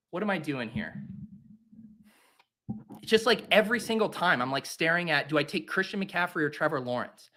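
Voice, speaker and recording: A young man talks casually on his own show, his voice bright and pushed forward with a slightly higher pitch than most men. He swings into theatrical, exasperated self-mockery, playing up his own despair for laughs. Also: lively intonation, a little fast, pauses often. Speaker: fantasy football host. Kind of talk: casual solo commentary while drafting.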